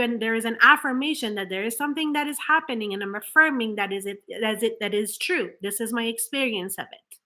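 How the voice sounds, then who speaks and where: Bright, high-voiced woman coaching. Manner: earnest, explains with rhetorical questions and restarts; acts out flat, hollow example affirmations. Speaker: manifestation coach. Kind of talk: motivational talk to camera.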